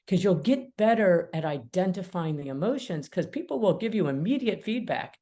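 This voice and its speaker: Middle-aged woman, mediator and author, fairly low voice, animated and laughing as a podcast guest. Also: normal speed, hardly any pauses. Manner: animated, laughs often, acts out quoted dialogue. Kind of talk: conversational interview.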